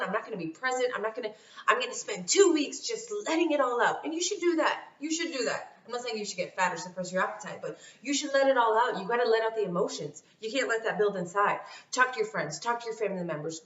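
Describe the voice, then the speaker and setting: A woman's voice: on the high side, bright, forceful tone. A woman vlogger talking casually to camera with motivational life advice, emphatic and repeating her key phrases. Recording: roomy, distant, dull sound.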